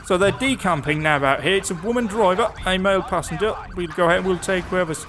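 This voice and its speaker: A young man giving chatty, sarcastic commentary over his own police-driving gameplay, with sudden excited outbursts. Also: high-pitched, quick pace, a little hiss or hum. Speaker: gaming YouTuber.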